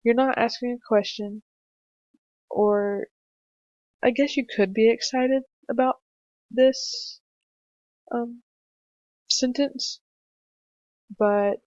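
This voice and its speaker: A young woman narrating a screencast punctuation lesson for children, explaining slowly and patiently with some fillers. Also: mid-range voice, a little mellow, dry recording. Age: young adult. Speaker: student teacher presenting a lesson. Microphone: computer mic for a screencast. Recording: dry, slightly dull home mic recording.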